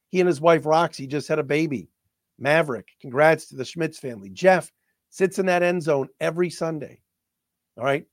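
A man hosting a sports talk show, his voice a little high for a man, stumbling and repeating words as emotion catches his throat. He sounds close and dry, with no room around him. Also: no echo. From not from the area of the team he covers.

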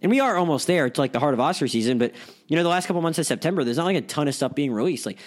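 A man's voice: a little high, expressive, rapid-fire. A young man hosting a casual film podcast, rambling with lots of fillers and restarts. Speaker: podcast host.

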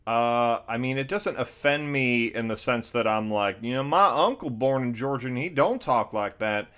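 A man's voice: mid-range voice, expressive, normal speed, fairly bright tone, clear, resonant tone. A man from Florida co-hosting a casual film review podcast, dry and sarcastic in his remarks.

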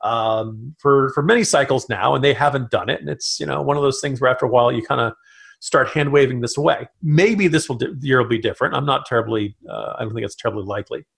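Man, gravelly voice, political podcast co-host, animated commentary chat. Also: medium pitch. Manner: animated, talks in quick bursts with asides.

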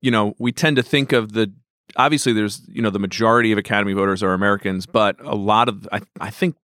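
A man's voice: fairly low pitch, quick pace, a bit bright, no room sound, studio quality. A man co-hosting a casual film-awards podcast, wry and digressive, laughing at his own jokes. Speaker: podcast co-host.

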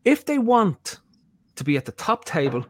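A man's voice: high voice, big pitch swings, moderate pace, dry recording. A man hosting a football podcast, opinionated and rambling, tagging points with "right?". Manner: rambling, repeats "right?", many restarts. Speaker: podcast host.

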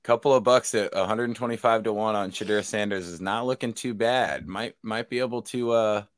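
A man's voice: fairly low pitch, normal speed, dry recording. A man co-hosting a casual sports podcast, crude and joking. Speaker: podcast co-host.

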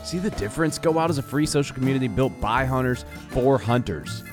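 A man's voice: medium pitch, expressive, brisk. A man reading a punchy, persuasive advertisement. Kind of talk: ad read. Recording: clear music bed.

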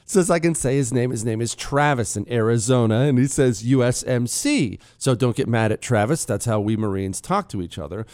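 A male talk radio host with a voice worn hoarse, delivering a blunt, sarcastic monologue. His pitch sits mid-range for a man, and the studio sound is close and dry with no room around it. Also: lively intonation, normal speed, few pauses, darkish tone, no room sound. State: losing his voice. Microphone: studio microphone.

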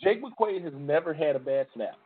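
A man's voice: a little high, animated, normal speed, breathy edge. A man co-hosting a casual sports podcast, loose and informal, often breaking into laughter. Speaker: podcast co-host. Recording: tinny phone-like audio.

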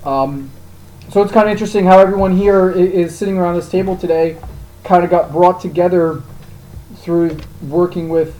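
Guy hosting a podcast, animated storyteller, faint hiss in the room. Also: high voice, normal speed, rough recording. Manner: animated storyteller, quotes others in lively voices. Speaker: podcast host, dog trainer. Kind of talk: casual podcast chat.

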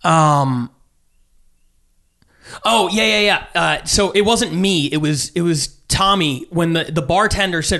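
Chatting casually at normal speed, a man in his thirties with a voice on the high side spins a story. He's a stand-up comedian who performs the quoted voices with lively energy and some swearing.

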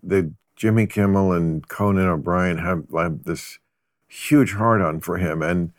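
Low-voiced man with dry quips. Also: unhurried, no room sound. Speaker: host. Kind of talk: casual chat.

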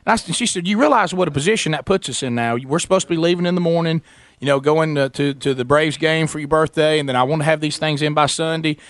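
A man's voice: a little high, fast, no room sound. A middle-aged man telling a story on a talk show, acting out both sides of the conversation. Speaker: radio show host.

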